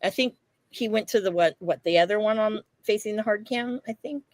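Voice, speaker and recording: A woman co-hosting a podcast, telling a story in a lively way, acting out what she and others said, and swearing freely. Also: medium pitch, brisk, no room sound. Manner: animated storytelling, acts out quotes, swears freely. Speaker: podcast co-host. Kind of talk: casual chat.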